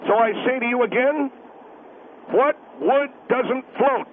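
A man's voice: very high voice, unhurried. A man voicing a pompous, condescending male radio guest who needles the caller and repeats himself to mock her, in a comedy call-in bit. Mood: lecturing. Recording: tinny phone line with hiss.

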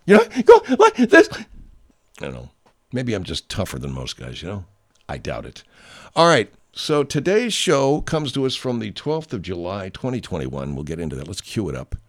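A man hosting his own show, telling a story in a profane, digressive, animated way. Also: low voice, normal speed. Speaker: host. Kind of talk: casual show monologue.

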